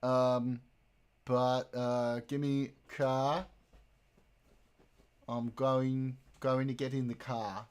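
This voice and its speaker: A man's voice: medium pitch, flat delivery, drawn-out words, long pauses, a little mellow, clear, resonant tone. A man streaming live, chatting casually with his viewers, joking, swearing and laughing often.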